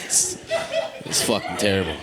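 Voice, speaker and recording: Stand-up comic, young man, low voice, crude brash delivery, ranting bits, noisy live room on a stage mic. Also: wildly swooping pitch, normal speed, over a noisy crowd. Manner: brash, crude, rising to shouted rants. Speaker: stand-up comedian. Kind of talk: stand-up comedy set. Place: comedy club stage with a laughing audience.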